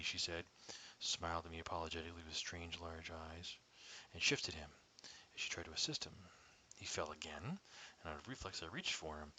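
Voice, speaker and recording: Deep-voiced man narrating a story. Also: slight background noise, poor audio. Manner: measured, often dropping to a hushed whisper. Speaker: storyteller reading his own story. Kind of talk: first-person story narration.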